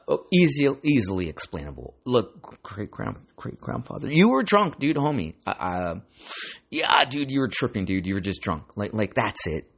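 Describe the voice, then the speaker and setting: A man's voice: sits low, creaky. A man hosting a podcast, telling a family ghost story in a rambling, profane, slangy way. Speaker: podcast host. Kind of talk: casual storytelling chat.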